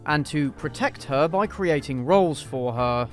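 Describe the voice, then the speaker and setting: A man's voice: a little high, lively intonation, a little slow, soft background music. A man hosting a scripted commentary review, blunt, sarcastic and openly profane. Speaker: video essay host.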